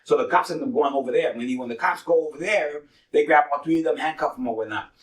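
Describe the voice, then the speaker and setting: A man's voice: on the high side, quick pace, echoey room, recorded from a distance, poor audio. A man casually telling a street story as host, cursing freely and dropping streetwise slang. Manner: profane, streetwise slang, repeats "money" as a filler.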